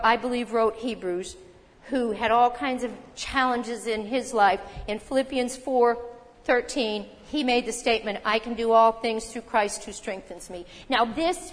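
A woman preaching a sermon, talking earnestly and emphatically, often asking the listeners rhetorical questions. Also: fairly high pitch. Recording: long reverb from a hall.

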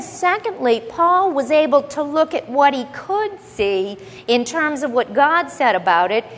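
A woman's voice: on the high side, fairly bright tone, long reverb tail. A woman teaching the Bible to a congregation, emphatic and explaining word by word, often asking the audience questions.

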